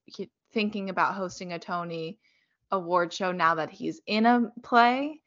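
A woman's voice: on the low side, unhurried, fairly bright tone. A woman co-hosting a podcast in casual chat, emphatic and agreeable as she thinks aloud. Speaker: podcast co-host. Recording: slightly muffled podcast audio.

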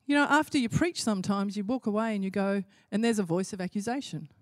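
A woman's voice: medium pitch, animated, fast talker, no room sound. Impassioned woman preacher, dry close sound. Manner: impassioned, building to emphatic repetition. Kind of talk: sermon.

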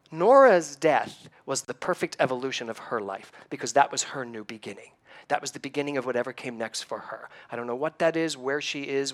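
A man in his sixties giving a conversational sermon, earnest and personal, telling stories and asking his listeners questions. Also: medium pitch. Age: 60s. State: slightly emotional. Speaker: church speaker.

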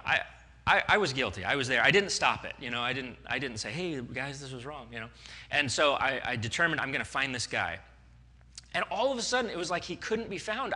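Man in his forties, pastor, storytelling sermon, bright tense tone, animated delivery. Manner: animated, acts out stories, excitable with rising pitch.

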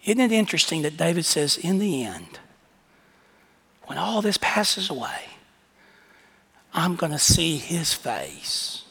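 A man's voice: on the high side, vocal fry, fairly bright tone, breathy edge. A man preaching a sermon as pastor, with impassioned, folksy storytelling. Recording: echoey hall reverb.

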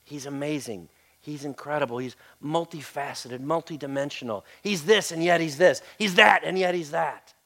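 A man preaching a conversational sermon as a pastor in church, often repeating words and swinging between soft and loud. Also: on the high side, normal speed. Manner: conversational, repeats words, varies loudness widely. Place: church sanctuary.

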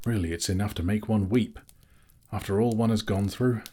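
A man's voice: on the low side, normal speed, dark tone, close to an everyday voice. A man voicing a small, anxious, fussy male hobbit who frets to himself, in an audiobook reading. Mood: fretful. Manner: worried, self-pitying musing.

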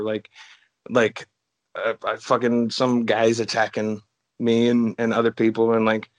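A relaxed man co-hosting a casual chat podcast. He strings his thoughts together with constant "like"s and casual swearing, at an ordinary middle pitch. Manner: laid-back, heavy on "like", frequent swearing. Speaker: podcast co-host.

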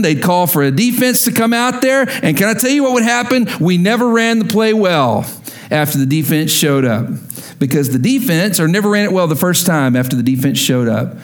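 A man preaching a sermon to his congregation, telling stories with lively acted-out quotes. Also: on the high side. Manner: animated storytelling with acted-out quotes. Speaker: pastor.

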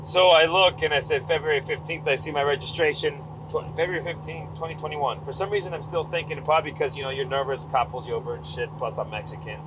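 Man, casual storytelling from a moving car, rambling, swears a lot, restarts his sentences, clear road noise underneath. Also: fairly high pitch, fast talker, few pauses. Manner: rambling, profane, self-correcting. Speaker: vlogger telling a story. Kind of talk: casual storytelling while driving. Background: engine and road noise.

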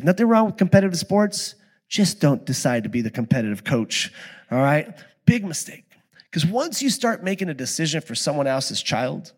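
A middle-aged man preaching a conversational sermon, moving between quiet reflection and loud, animated storytelling. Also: a little high, breathy edge. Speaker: pastor.

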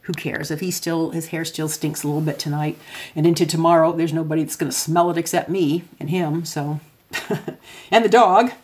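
A chatty woman talking through a casual podcast monologue. Her voice sits a little on the low side, and she laughs easily as she rambles along. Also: steady tone, moderate pace, a little mellow. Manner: chatty, self-described extrovert, laughs often. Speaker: podcast host.

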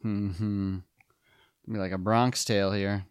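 A man's voice: fairly low pitch, level tone, takes it slowly, clean tone, no echo, studio quality. Wisecracking man riffing on a movie. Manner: wisecracking, sarcastic asides. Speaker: movie riffer. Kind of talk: riffing commentary over a movie.

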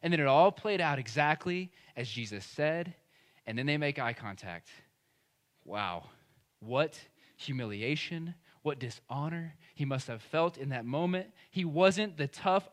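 Emphatic preacher, higher-pitched man. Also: expressive, measured pace. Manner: conversational and emphatic, acting out quoted speech. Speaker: pastor. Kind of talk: sermon.

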